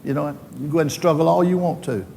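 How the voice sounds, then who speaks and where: A man's voice: fairly high pitch, fairly even intonation, rapid-fire, gravelly, warm tone, in a large hall, a little hiss or hum. An older man with a Southern US accent, giving a homespun, joking faith talk full of stories as he addresses a team. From Alabama, US.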